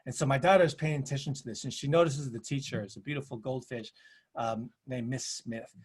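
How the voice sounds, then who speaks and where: A man's voice: medium pitch, fairly even intonation, fairly quick, slightly rough. A man giving a presentation, speaking in rhythmic, repeated emphatic phrases and telling stories with acted-out quotes. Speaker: panel presenter. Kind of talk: presentation talk.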